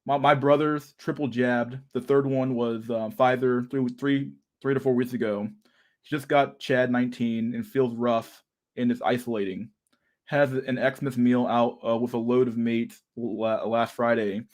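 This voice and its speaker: A man's voice: medium pitch, steady tone, unhurried, a little mellow. Profane, sarcastic young man streaming. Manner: profane, slangy, laughing, sarcastic. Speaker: livestream host. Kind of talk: casual livestream chat.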